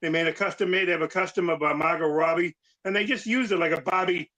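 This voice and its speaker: A man with a rather high voice talks in loose, rambling casual chat. He often stumbles and restarts his sentences and swears now and then. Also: fast talker, bright, forceful tone, low-quality recording. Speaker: podcast co-host.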